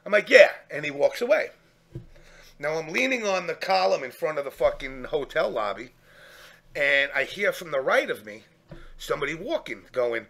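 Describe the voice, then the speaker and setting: A man telling a profane, animated story in casual chat, acting out the people he quotes. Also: on the high side, normal speed, vocal fry.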